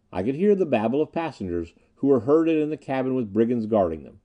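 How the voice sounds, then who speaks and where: A man narrating an adventure story in the first person, reading in an expressive, lively way. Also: mid-range voice, a little fast, few pauses, lo-fi sound. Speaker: audiobook narrator.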